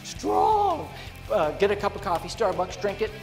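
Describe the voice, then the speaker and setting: High-voiced, playful male keynote speaker. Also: moderate pace. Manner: animated and playful, acting out funny voices. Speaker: motivational speaker. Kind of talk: comedic keynote speech. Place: large event hall on stage. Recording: echoey hall with music underneath. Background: music.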